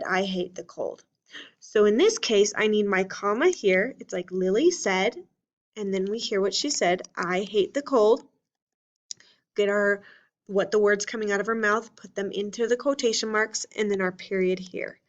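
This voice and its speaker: Woman, teacher, recorded lesson, patient, step by step, expressive read-alouds. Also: mid-range voice. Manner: reads book lines aloud with expression.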